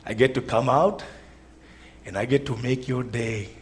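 A male preacher quoting an easygoing elderly male toll booth worker in a light, gentle voice. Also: mid-range voice, steady tone, a little slow, background noise, pitched below the performer's own voice, lightly acted.

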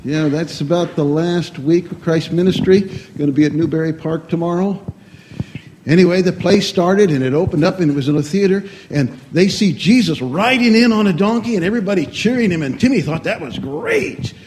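A man telling a lively story to children as a children's sermon, asking them questions along the way. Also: high-pitched, fairly quick, a little hiss or hum.

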